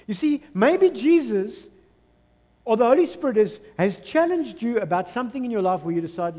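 A man with a South African English accent preaches with a high voice that keeps swinging from hushed lows to loud peaks. He acts out the voices of doubters and crowds as he goes. His voice rings in the long reverb of a church hall. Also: sing-song, moderate pace. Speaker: pastor. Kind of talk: sermon.

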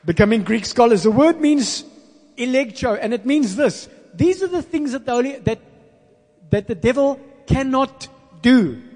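A man preaching a sermon, stressing words slowly and calling on the congregation to repeat after him. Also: very high-pitched, a little mellow. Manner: call-and-response with congregation; emphatic, slows down to stress words. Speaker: pastor. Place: church hall. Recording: long reverb in a large hall.

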